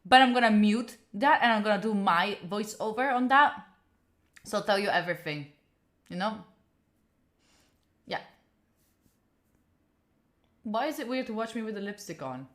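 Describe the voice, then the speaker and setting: A woman's voice: medium pitch, lively intonation, moderate pace, pauses often, a bit bright. A woman, rambling casually to her live viewers with lots of filler words and the odd swear. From Italy. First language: Italian. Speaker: study streamer.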